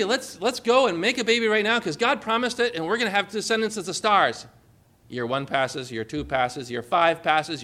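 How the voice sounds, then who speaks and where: Male preacher, sermon, high-pitched, bright tone, emphatic, rhetorical questions.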